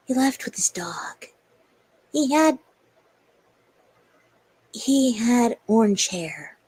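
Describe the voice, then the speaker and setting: A woman's voice: a little high, darkish tone, husky. A young woman telling a story on a livestream in a rambling, hesitant way with many fillers. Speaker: streamer.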